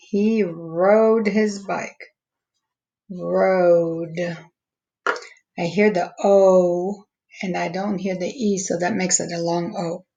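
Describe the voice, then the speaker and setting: A woman teacher slowly walking young students through a phonics lesson, stretching out each word's sounds. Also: lowish voice, gravelly, dark tone, highs cut off. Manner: slow, patient, stretching out each word sound.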